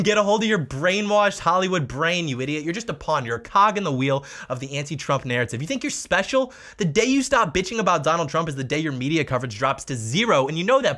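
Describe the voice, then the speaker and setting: Male commentary host, quick and bright-toned, sarcastic and combative. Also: fairly high pitch. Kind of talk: scripted political commentary.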